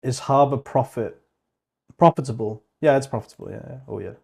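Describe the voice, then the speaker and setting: A man's voice: medium pitch, fast, vocal fry, darkish tone, husky. A man hosting his channel's livestream in casual chat, joking and laughing at his own jokes. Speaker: channel host.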